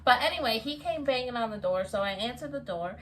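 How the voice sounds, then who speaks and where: A woman co-hosting a casual storytime chat, animated, laughing often and restarting her sentences. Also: a little high, fast, crowd noise, rough recording. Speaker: co-host telling a story.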